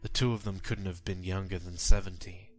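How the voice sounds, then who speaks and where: A man reading a horror story aloud in a measured, grim storytelling manner. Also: sits low, level tone. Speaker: narrator. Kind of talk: scripted horror story narration. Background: faint music.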